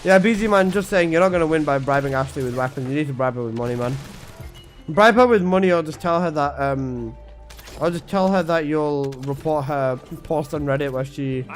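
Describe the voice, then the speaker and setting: A man's voice: a little high, normal speed, faint music behind. A young man chatting casually on a game stream, joking crudely and laughing at his own lines. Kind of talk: casual live-stream chat.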